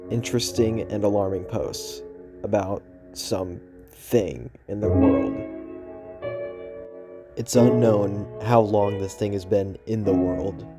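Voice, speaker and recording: A man with a scratchy throat narrating a horror story voiceover in a low monotone, hushed on the eerie lines. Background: music.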